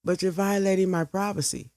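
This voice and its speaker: A woman's voice: medium pitch, fairly quick, darkish tone, no echo, close to an everyday voice. Woman doing a bitter young woman snapping back, defensive, dead dry sound. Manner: performative, snapping, resentful.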